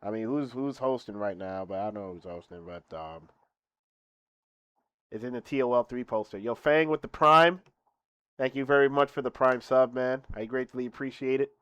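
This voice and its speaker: Smooth-voiced man streaming, boasting and thanking. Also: mid-range voice, normal speed, dry recording, dull audio. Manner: boastful, laughing, then softly grateful. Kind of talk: casual stream chat.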